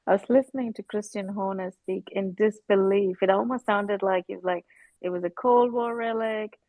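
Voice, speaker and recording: A woman's voice: mid-range voice, fairly even intonation, moderate pace, mellow, no echo, poor audio. A woman giving her strong, indignant view in a casual live chat, repeating words for emphasis. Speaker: panelist.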